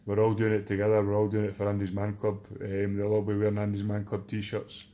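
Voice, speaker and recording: A man's voice: lowish voice, completely flat delivery, fairly quick, mellow. A man with a Scottish accent chatting in a jokey, rambling way in a casual vlog before a charity trek. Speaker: charity trekker.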